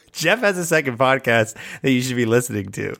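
A man co-hosting a podcast in casual chat, animated and swearing freely. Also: mid-range voice, normal speed, gravelly. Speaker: podcast co-host.

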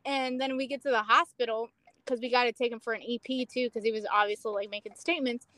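A woman police officer telling a story in a casual chat over a remote call, animated and full of fillers. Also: on the high side, fast, no room sound, rough recording.

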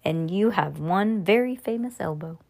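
A woman reading aloud and voicing a gentle mother who consoles her daughter. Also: on the low side, expressive, normal speed, creaky. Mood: consoling.

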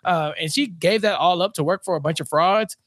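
Guy cohosting a recap podcast, high voice, acts out the characters, dry sound. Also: fairly quick, dry recording. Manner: animated, acts out characters' lines mid-story. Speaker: podcast co-host. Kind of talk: casual recap chat.

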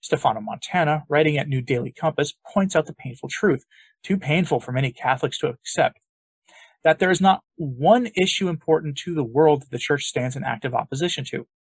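A man hosts an opinion podcast in a somewhat high, husky voice. He argues his points emphatically, with a sarcastic edge. The sound is dry, with little room echo. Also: a little fast. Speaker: podcast host.

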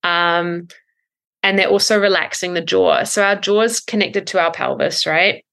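A woman in her thirties, a breathwork coach, explaining thoughtfully in a podcast interview with frequent ums and soft laughs. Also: on the low side, moderate pace, creaky, clean tone.

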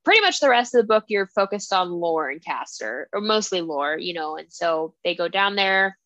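Bright, dry-sounding woman podcast co-host; lively plot recap, acts out the dialogue. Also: on the low side, moderate pace, no room sound, muffled recording. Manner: animated recapping, acting out characters' lines. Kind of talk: casual book club chat.

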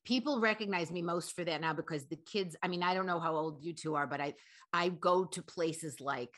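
A woman's voice: lowish voice, fairly quick. A middle-aged woman, a guest actress, chatting casually and acting out the people in her stories. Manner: animated storyteller, acts out quotes. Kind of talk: casual interview chat.

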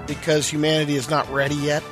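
A man co-hosting a comedy talk show, reading odd news items in a casual, deadpan way. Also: on the high side, fast talker, music in the background. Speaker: co-host reading news segments. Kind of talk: casual radio-style banter.

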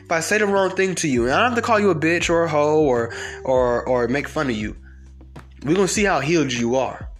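A man's voice: a little high, brisk, soft background music. A man hosting a podcast, delivering a heated, profane, confrontational rant. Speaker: podcast host. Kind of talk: ranting monologue.

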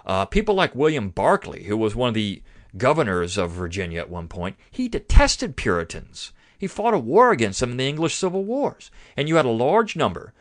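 A man's voice: mid-range voice, very animated, fairly quick. A man hosting a history podcast, lecturing conversationally as a teacher would, with frequent fillers and restarts.

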